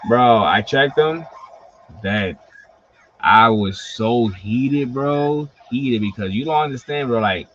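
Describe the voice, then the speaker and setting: A man hosting a livestream, talking casually in an animated, profane storytelling style full of fillers. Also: mid-range voice, slow pace, slight background noise. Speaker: host of a wrestling collectibles livestream. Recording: slightly dull lo-fi stream audio.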